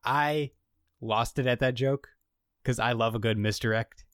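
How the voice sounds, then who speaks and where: A man co-hosting a casual podcast, recapping a show and acting out the characters' lines in an animated way. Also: mid-range voice, a little slow, no echo, studio quality. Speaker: podcast co-host recapping an episode. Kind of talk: casual chat.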